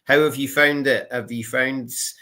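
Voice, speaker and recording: A man's voice: medium pitch, fairly even intonation, normal speed, pushed and bright. A man hosting a live chat, reacting with enthusiasm and encouraging his guest. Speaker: host.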